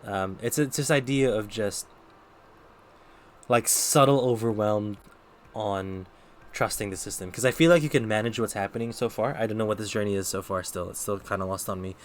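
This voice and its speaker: A man's voice: fairly low pitch, moderate pace, slight background noise. A man streaming live, giving casual tarot readings and chatting with viewers, thinking aloud with lots of fillers. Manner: talks to chat between readings.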